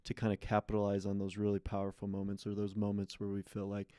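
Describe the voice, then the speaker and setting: A man co-hosting a podcast, asking a guest questions in a thoughtful, halting, casual way. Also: fairly low pitch, monotone, dark tone, clear, resonant tone, no echo, studio quality. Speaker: podcast co-host. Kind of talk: casual interview chat.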